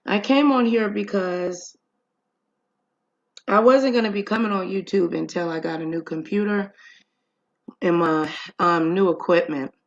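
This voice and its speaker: A woman's voice: lowish voice, unhurried, long pauses, lo-fi sound. A woman hosting a casual livestream, chatting straight to her viewers. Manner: chatty, addresses viewers directly. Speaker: livestream host. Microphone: streaming setup.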